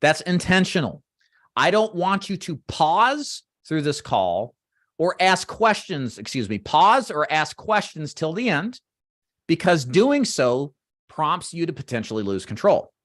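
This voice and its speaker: A man teaching final expense phone sales, walking trainees through a phone script and acting out sample call lines in a brisk sales voice, with frequent "right?" check-ins. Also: fairly high pitch, sing-song, fairly bright tone, no echo, clean studio sound. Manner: talks straight to trainees, checks in with "right?" and "does that make sense?". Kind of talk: instructional walkthrough of a phone script.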